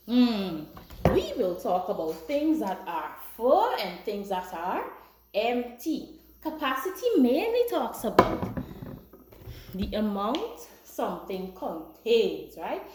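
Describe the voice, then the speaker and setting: A woman's voice: mid-range voice, very animated, slow pace, background noise. A woman primary school teacher giving a classroom lesson in an encouraging, sing-song way, with lots of praise. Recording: echoey room.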